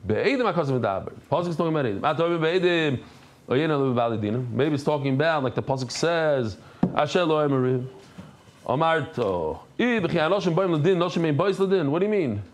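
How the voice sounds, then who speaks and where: A man teaching a daily Talmud class, reading the Aramaic text and explaining it in English, switching to softer storytelling. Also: on the high side, lively intonation, quick pace.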